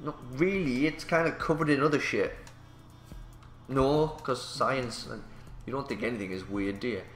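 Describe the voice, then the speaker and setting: A man's voice: medium pitch, moderate pace, fairly bright tone, echoey room, faint music behind. A man casually commentating a game, playful and jokey, swearing and reacting as he plays. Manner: playful, jokey, swears, does silly voices. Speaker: let's play host.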